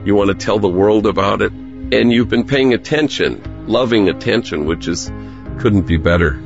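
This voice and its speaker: A man's voice: fairly low pitch, normal speed, dull audio, faint music behind. An older man, a priest, telling stories in a reflective radio interview. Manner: animated storyteller, gravelly voice.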